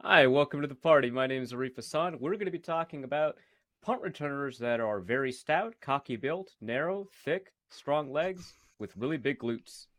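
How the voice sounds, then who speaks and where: Man, podcast co-host, mid-pitched voice, quick deadpan intro. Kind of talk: joking show intro.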